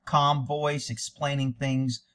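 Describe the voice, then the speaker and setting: A man's voice: medium pitch, flat delivery, slow, fairly bright tone, clean tone. A man commenting on police videos from a cop's point of view, blunt, sarcastic and profane. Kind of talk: reaction commentary.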